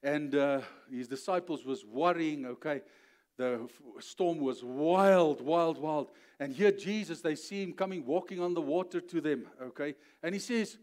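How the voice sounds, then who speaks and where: A male pastor with a high voice preaches in an animated storytelling way. He acts out the voices of the figures, keeps checking in with his listeners, and builds to forceful, emphatic peaks. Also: a little slow. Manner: checks in with "okay?" often. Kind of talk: sermon.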